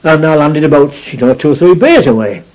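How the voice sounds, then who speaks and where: A man's voice: fairly high pitch, expressive, brisk, darkish tone, poor audio. An older man recounting his war memories in a rambling storytelling way, often adding "you see". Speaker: war veteran interviewee.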